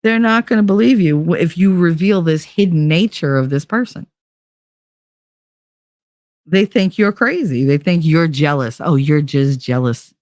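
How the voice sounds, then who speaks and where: A woman's voice: fairly low pitch, lively intonation, unhurried, long pauses, darkish tone, no echo, clean studio sound. Blunt, swearing woman venting on a podcast. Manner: blunt, profane, emphatic storytelling. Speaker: podcast host. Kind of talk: casual podcast monologue.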